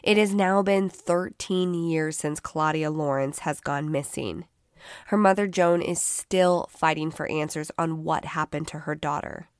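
Woman, true crime podcast host, groggy voice, measured sober narration, lowish pitch, dry close sound. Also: clean tone, dry recording. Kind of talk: scripted narration.

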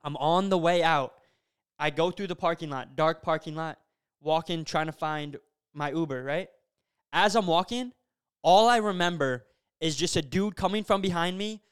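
A young man hosting a podcast, recounting a story in casual chat, animated and full of fillers like "bro" and "like". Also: a little high, moderate pace, clean tone. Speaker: podcast host.

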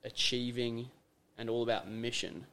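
A man's voice: mid-range voice, little pitch movement, unhurried, pushed and bright. An Australian man hosting a casual podcast conversation, talking emphatically, repeating phrases for effect and acting out little scenes. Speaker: podcast host.

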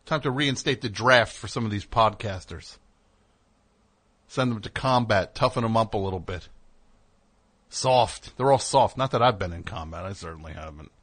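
A man's voice: lowish voice, normal speed, a bit bright. A man hosting a comedic talk show, riffing in a rambling, sarcastic way with plenty of fillers. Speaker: host.

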